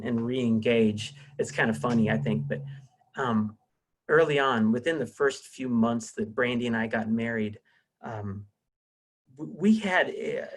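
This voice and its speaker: Husky male preacher, middle pitch, loose conversational delivery with stories. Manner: relaxed, storytelling, many fillers and restarts. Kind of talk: conversational teaching sermon.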